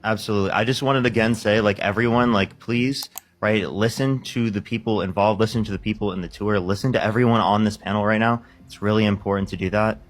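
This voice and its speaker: Earnest fast-talking man on a panel. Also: on the low side, steady tone. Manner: earnest, repeating calls for accountability. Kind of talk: panel discussion statement.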